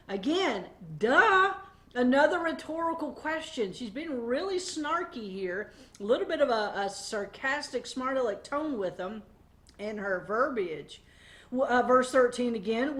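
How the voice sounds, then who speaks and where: Woman teaching a bible devotion, chatty and animated, lots of uh's, voice sits a bit high. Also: unhurried. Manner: animated, conversational, frequent fillers.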